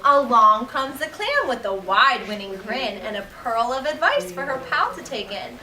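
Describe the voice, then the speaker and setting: A woman, a kindergarten teacher, reading a picture book aloud to children in an animated, sing-song way in a classroom. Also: on the high side, moderate pace, crowd noise. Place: elementary school classroom. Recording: echoey classroom from far off, children around.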